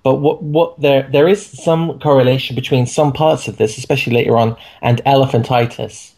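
A man's voice: medium pitch, fairly even intonation, brisk, a little mellow. A man co-hosting a casual discussion, thinking aloud with hesitant fillers. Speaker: co-host.

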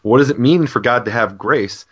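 A man's voice: medium pitch, normal speed, fairly bright tone, breathy edge. A man explaining scripture in an earnest conversational way, often restarting his sentences. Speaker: Bible scholar co-host. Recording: dull lo-fi podcast audio.

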